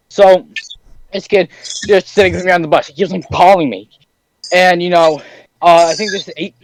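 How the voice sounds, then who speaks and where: A teenage boy with a high voice tells a story, lively and animated, acting out the voices of everyone in it. The sound is dry and close, with no room around it. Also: moderate pace, pauses often, dry recording, low-quality recording. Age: teens. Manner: animated, acts out voices in his stories. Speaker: podcast host. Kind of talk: casual podcast storytelling.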